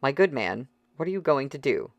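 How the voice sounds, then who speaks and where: A man's voice: mid-range voice, sing-song, a little fast, no room sound, lo-fi sound. A man doing a stammering, frightened tutor. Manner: stammering, fearful. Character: timid, frightened male tutor.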